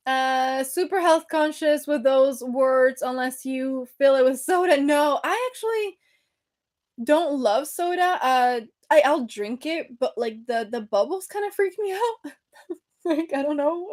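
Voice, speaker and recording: A young woman with a high, light voice chats casually on a livestream, bubbly and easily distracted. She talks straight to her viewers and sounds a little out of breath. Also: darkish tone. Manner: bubbly, chatty, distracted, reads comments aloud. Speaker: livestream host.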